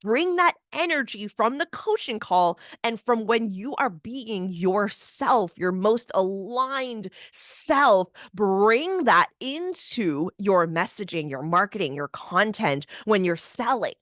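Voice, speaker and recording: Animated woman coaching, dry close sound. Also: medium pitch, takes it slowly, few pauses, dry recording. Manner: animated, keeps asking "right?". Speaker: business coach and podcast host. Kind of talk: casual motivational monologue.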